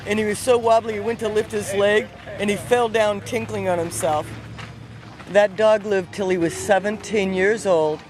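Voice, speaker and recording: A woman, not from the South, telling a personal story with lively, animated energy, outdoors on a city street. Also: mid-range voice, normal speed, over music. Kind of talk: casual spoken storytelling.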